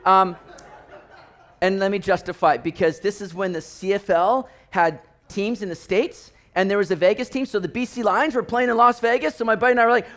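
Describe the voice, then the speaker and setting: Animated, high-voiced pastor preaching. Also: male voice, brisk. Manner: animated storytelling, acts out voices, rising to near shouts. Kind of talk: sermon.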